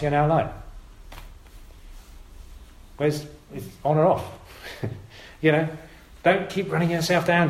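A man giving an informal sermon to his congregation, talking in a conversational, emphatic way and often correcting himself. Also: on the high side. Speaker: preacher. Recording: roomy echo.

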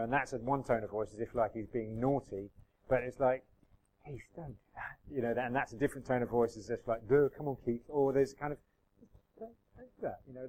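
A man giving a conversational sermon as the pastor, slowing down to read scripture aloud. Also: medium pitch, a little mellow, low-quality recording. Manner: conversational preaching with fillers, slows and lifts his voice when reading scripture.

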